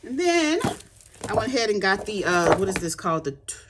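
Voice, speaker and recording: A woman's voice: medium pitch, fast talker, heavy background noise. A woman demonstrating craft supplies in a casual unboxing chat, chatty and gushing with delight. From United States.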